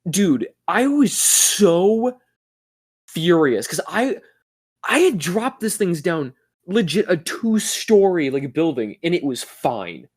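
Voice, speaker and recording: Lively rambling young man. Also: sits high, breathy edge. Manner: rambling, quick bursts with restarts. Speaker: podcast co-host. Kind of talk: casual chat.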